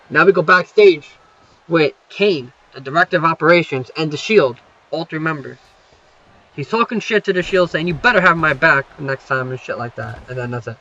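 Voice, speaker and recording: Guy rambling thru a wrestling recap, cusses nonstop, bright edgy voice, kinda dull lo-fi audio. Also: on the high side. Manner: loose, swears constantly, lots of fillers. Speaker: self-styled GM recapping wrestling. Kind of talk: casual rambling commentary.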